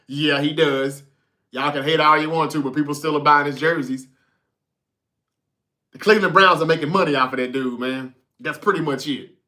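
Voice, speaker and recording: A man hosting a casual sports talk livestream, reading viewer comments and talking straight to the chat with a profane, animated manner. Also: fairly high pitch, moderate pace, pauses often. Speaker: sports talk show host.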